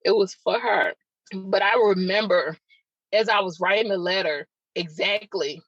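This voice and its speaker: With a medium-pitched, slightly bright voice at a measured pace, a woman hosting a podcast tells a raw, emotional personal story and confides in her listeners through chatty asides. The lo-fi recording is dull and dry, without echo.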